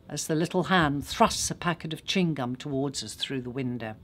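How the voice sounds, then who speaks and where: An actress reading a literary short story aloud in a measured, unhurried way. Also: female voice, low-pitched.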